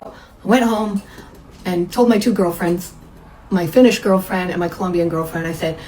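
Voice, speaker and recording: Woman, middle-aged, chatty storyteller, lowish voice. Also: fairly even intonation, normal speed, warm tone, a little hiss or hum, low-quality recording. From United States. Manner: chatty, acts out the people she quotes. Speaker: massage therapist. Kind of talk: personal storytelling.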